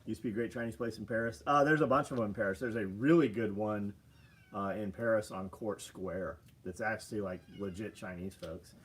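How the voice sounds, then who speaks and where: A man's voice: fairly low pitch, brisk, slight background noise. A man hosting a casual livestream, talking bluntly and profanely and reacting to viewer comments. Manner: blunt, profane, animated ranting. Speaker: livestream host.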